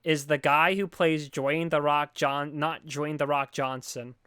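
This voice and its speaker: A man's voice: a little high, steady tone, a little slow, bright, forceful tone, smooth, dry recording, clean studio sound. A man co-hosting a podcast, chatting casually and sarcastically about a movie, rambling and swearing. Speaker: podcast co-host. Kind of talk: casual movie review chat.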